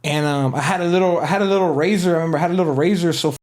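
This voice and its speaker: High-voiced man telling a slangy story. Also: very fast, darkish tone. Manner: loose, slangy, rambling delivery with many fillers. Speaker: interview guest. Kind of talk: casual storytelling interview.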